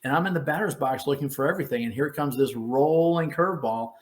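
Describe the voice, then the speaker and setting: A man's voice: mid-range voice, fast. A man in his fifties, a former ballplayer, telling a story as a podcast guest and acting out quotes with a raised voice. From United States. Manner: animated storyteller who acts out quotes in a raised voice. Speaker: former baseball player, guest.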